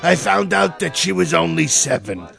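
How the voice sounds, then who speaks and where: A man voicing a cranky old man who grumbles and scolds, loud and a little raised. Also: fairly high pitch, big pitch swings, moderate pace, vocal fry, faint music behind, pitched above the performer's own voice, exaggerated voice. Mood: grumbling.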